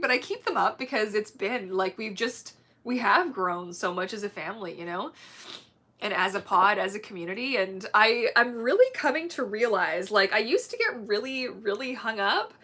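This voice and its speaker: A woman with German as her first language talks casually to her livestream viewers. Her voice is bright and forward, and she gushes, laughs a lot and strings thoughts together with many fillers. She sounds like she is at a home streaming mic. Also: mid-range voice, lively intonation, a little fast. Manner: chatty, gushing, laughs often, many fillers. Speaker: livestream host.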